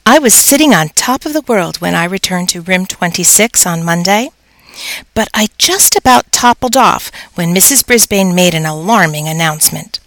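A woman narrating a children's story aloud in first person, expressive and storytelling. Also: fairly low pitch, moderate pace, no echo, low-quality recording. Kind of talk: audiobook narration.

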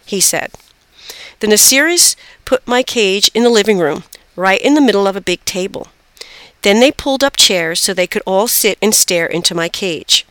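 A woman reading a children's storybook aloud in an expressive voice. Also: dry recording. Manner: expressive, lively pitch. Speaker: storybook reader.

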